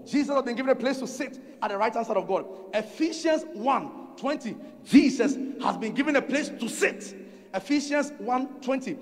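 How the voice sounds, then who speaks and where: A man with a Ghanaian accent preaching a sermon at a conference, driving points home by repeating them and calling for the congregation to respond. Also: very high-pitched. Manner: emphatic repetition and call-and-response with the congregation. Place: large conference hall. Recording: reverberant hall, faint music behind.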